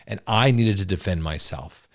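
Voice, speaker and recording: A man's voice: deep voice, moderate pace, no echo, studio quality. A man co-hosting a marriage podcast, explaining in an earnest casual way, often restarting his sentences. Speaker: podcast co-host, husband. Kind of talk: casual chat.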